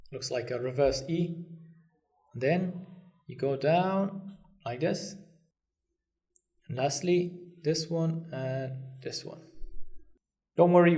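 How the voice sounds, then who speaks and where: A man's voice: mid-range voice, a little mellow. A man teaching a language lesson, patient and reassuring, counting strokes aloud as he writes. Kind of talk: step-by-step lesson.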